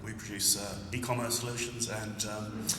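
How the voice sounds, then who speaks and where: A man's voice: lowish voice, flat delivery, normal speed, over music. Hesitant man in an echoey hall. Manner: hesitant, lots of fillers. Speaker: audience member. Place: conference hall.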